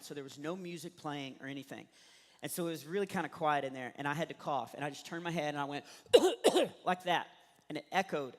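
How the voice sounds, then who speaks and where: A man from Texas with a Texan accent, doing stand-up comedy, telling stories in an animated way and laughing at his own jokes. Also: fairly high pitch. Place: church stage. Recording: long hall reverb.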